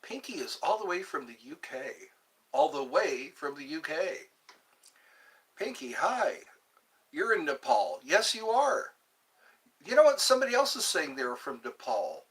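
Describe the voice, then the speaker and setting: A man's voice: fairly high pitch, very animated, a little slow, fairly bright tone. A man hosting a casual livestream, chatting playfully and reading out his viewers' comments. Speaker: livestream host. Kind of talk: casual live chat.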